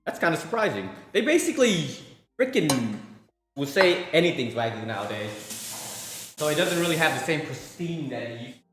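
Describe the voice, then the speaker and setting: Male streamer, slightly high voice, casual rambling chat while cooking; roomy echo, faint music behind. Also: sing-song, normal speed, a bit bright. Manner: rambling, repeats words, talks to chat between cooking.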